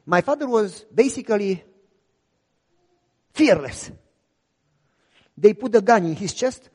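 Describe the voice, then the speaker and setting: A man pastor tells a story from the pulpit with animated delivery and dry, deadpan humor. His high voice rises and falls widely, and it rings with the echo of a large hall. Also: takes it slowly, long pauses, husky. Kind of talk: storytelling sermon.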